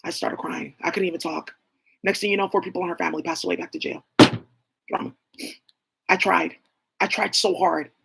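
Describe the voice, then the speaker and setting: A woman's voice: lowish voice, fairly quick, creaky, long pauses, very noisy. A woman talking in a rambling, profane monologue, leaping from name to name and claim to claim. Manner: rambling, profane, jumping between names and claims.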